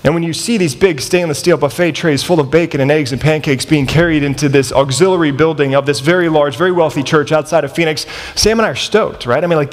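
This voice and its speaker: Thirties male chapel speaker, storytelling sermon, lively delivery, long chapel-hall reverb. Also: on the high side. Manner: animated, acts out the dialogue in his stories. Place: large college chapel.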